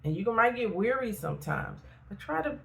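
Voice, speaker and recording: A woman's voice: a little high, very animated, a little fast, vocal fry, a bit bright, a little hiss or hum. A middle-aged woman, a therapist and life coach, talking frankly in a casual motivational vlog and repeating points for emphasis.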